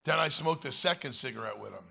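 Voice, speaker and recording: Gravelly, bright-voiced man telling his story. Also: medium pitch, expressive, quick pace. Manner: emphatic, conversational, checks with "right?". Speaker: guest speaker. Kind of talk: personal story told from a stage. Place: large hall at a church conference. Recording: long reverb of a large hall.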